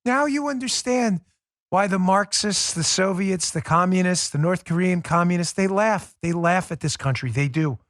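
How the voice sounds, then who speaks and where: A man's voice: high voice, normal speed, a bit bright, dry recording, studio quality. An American man hosting a political podcast, talking sarcastically and laughing often as he mocks. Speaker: podcast host. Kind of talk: political commentary.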